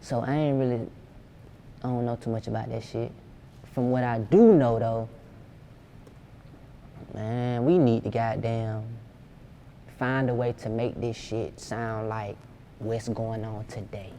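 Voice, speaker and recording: A man's voice: medium pitch, fairly even intonation, a little slow, pauses often, warm tone, slight background noise. A young man from Georgia, a music producer talking casually and profanely in an interview. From Georgia, USA. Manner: laid-back, slangy, profane.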